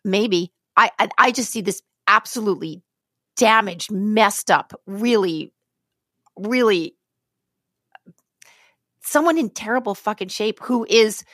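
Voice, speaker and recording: A woman co-hosts a podcast in loose, casual conversation. She talks bluntly, swears freely and often breaks off to restart a thought. Her voice sits in a middle pitch and is recorded dry and close. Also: slow, pauses often, fairly bright tone, no echo. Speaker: podcast co-host. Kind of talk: casual chat.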